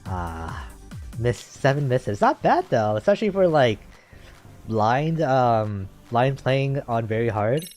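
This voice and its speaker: A woman's voice: very deep voice, sing-song, slow, a little mellow, soft background music. A woman casually commenting while streaming a video game, chatty and musing aloud. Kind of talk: let's play commentary.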